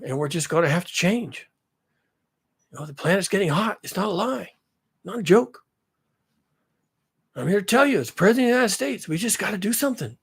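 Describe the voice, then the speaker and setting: A man doing an impression of an earnest, plain-spoken older US president who talks in a halting, folksy way. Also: fairly high pitch, slightly rough, pitched below the performer's own voice. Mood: solemn. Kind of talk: impression in a monologue.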